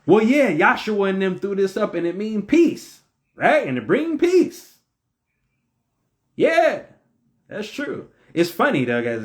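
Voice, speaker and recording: A man's voice: high voice, big pitch swings, slow, pauses often. A man hosting his own video, giving a casual spiritual talk full of rhetorical questions in a preachy manner. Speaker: video host.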